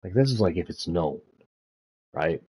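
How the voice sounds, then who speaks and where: A man rambling through casual commentary, profane and laughing often as he thinks out loud. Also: deep voice, lively intonation, moderate pace, a little hiss or hum. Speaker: streamer.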